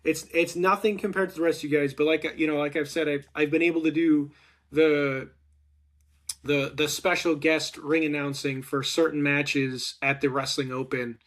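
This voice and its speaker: A man hosting a casual chat, telling a story and acting out the quotes with rising excitement. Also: on the high side, normal speed. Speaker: podcast host.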